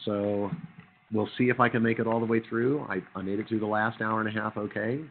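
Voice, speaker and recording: Hoarse lecturer with a low, tinny voice. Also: male voice, little pitch movement, a little fast, slight background noise. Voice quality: husky radio voice. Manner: conversational, jokey, quizzes the class. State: hoarse from a chest cold. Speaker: university lecturer. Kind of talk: classroom lecture.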